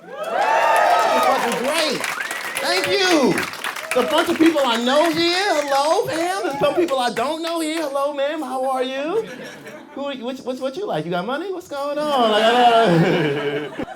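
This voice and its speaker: A man's voice: very high-pitched, sing-song, a little slow. A man doing a loose, profane stand-up set on a comedy club stage. He laughs at his own jokes and riffs with the crowd between bits. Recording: live club taping with crowd laughter and room noise.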